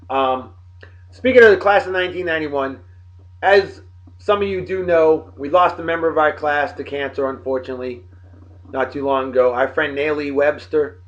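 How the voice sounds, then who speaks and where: A man, rambling and folksy as he gives birthday shout-outs to old friends. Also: on the high side. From Martha's Vineyard, Massachusetts. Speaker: vlogger, beer and song of the day host. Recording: dull lo-fi home recording.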